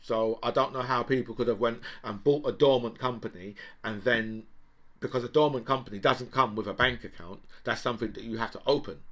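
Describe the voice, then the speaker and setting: A man's voice: mid-range voice, brisk, fairly bright tone. A man hosting a political commentary show, talking in a rambling, exasperated monologue and tagging his points with constant questions to the listener.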